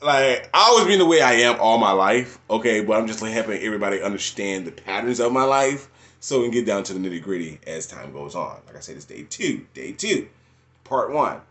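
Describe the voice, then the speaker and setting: A young man talks through his own life story in a lively, sing-song voice that swings from low to high. His speech is loose and repetitive, and he breaks into laughs and acts out other people's lines as he goes. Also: a little fast. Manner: animated storyteller, voice jumping high when quoting others; laughs often mid-story. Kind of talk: unscripted personal testimony.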